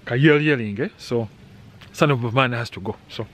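Out on a muddy canyon trail, a middle-aged vlogger with a medium-pitched, fairly bright voice narrates his hike at a moderate pace, rambling, joking and tagging lines with "eh?". A handheld camera records him in low quality, with a faint hiss underneath.

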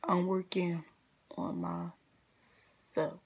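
A woman's voice: on the low side, level tone, slow, gravelly, husky. A young adult woman vlogger telling a casual storytime rant, blunt, profane and exasperated, full of slang.

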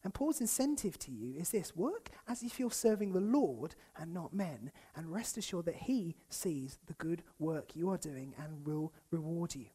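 A young man preaching a sermon in a church, in a lively, conversational way that acts out the people he quotes and chuckles often. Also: on the high side, normal speed, few pauses, husky. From United Kingdom.

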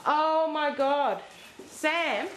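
Very high-pitched exasperated woman. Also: extremely slow, fairly bright tone, poor audio. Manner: exclaiming, exasperated, scolding her dog. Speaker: dog owner filming her home. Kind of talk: casual home video. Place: house and garden, partly outdoors.

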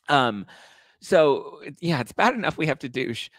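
A young man hosts a casual gossip talk show, spinning stories in a campy, animated way and swearing freely. His voice is bright and swoops widely in pitch, and it sounds dry and close to the mic. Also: moderate pace, no echo. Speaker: host.

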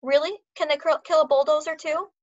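A man's voice: extremely high pitch, fairly even intonation, a little fast, dull audio, pitched above the performer's own voice. A woman voicing a sarcastic, snarling corporate executive on a storybook reading.

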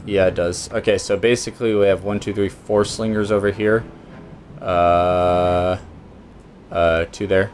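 Low-voiced man narrating a game. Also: fairly even intonation, a little slow, a little mellow, soft background music. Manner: laughing, joking, planning moves aloud. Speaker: game developer playing a game. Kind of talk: casual let's-play commentary.

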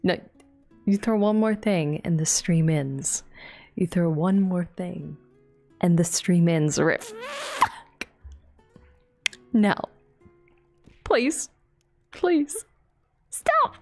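A woman streamer doing a whispered ASMR stream on a desktop mic, swearing and breaking into shrieks between soft whispers. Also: lowish voice, slow pace, soft background music. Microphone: desktop USB mic.

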